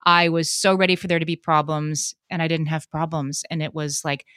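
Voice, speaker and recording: Brisk and smooth, this late-thirties woman's voice sits low, captured in a dry, clean studio recording. As a podcast co-host in casual storytelling chat, she animatedly acts out what other people said.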